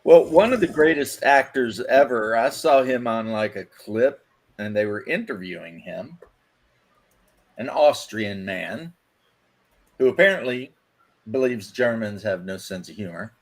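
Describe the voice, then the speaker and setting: Relaxed male podcast co-host. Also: mid-range voice, measured pace. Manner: relaxed storyteller, quoting others. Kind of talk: casual chat.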